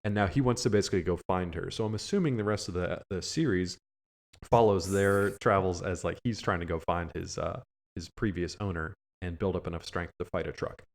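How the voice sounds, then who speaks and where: A man's voice: low voice, a little fast. A man co-hosting a podcast who reviews cartoons in casual chat with crude, sarcastic jokes. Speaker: podcast co-host.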